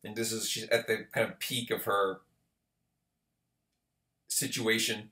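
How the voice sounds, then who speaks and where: A man's voice: lowish voice, little pitch movement, unhurried, long pauses, pushed and bright. A man giving a recorded literature lecture in a conversational way, often checking in with the listener. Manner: conversational, checks in with "right?" and "okay". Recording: roomy echo.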